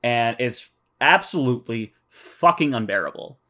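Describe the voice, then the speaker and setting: A man's voice: mid-range voice, lively intonation, normal speed, pushed and bright. A man co-hosting a casual podcast, recapping episodes with nerdy attention to detail. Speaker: podcast co-host.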